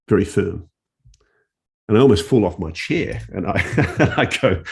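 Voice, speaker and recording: Man, very low voice, gravelly and husky, journalist, animated storyteller, restarts phrases. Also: moderate pace. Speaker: investigative journalist, interview guest. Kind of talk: conversational storytelling.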